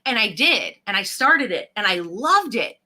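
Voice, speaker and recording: A woman's voice: mid-range voice, big pitch swings, normal speed, pushed and bright. A woman, hosting a casual chat in a bubbly, chatty way full of "like". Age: 40s. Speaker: host.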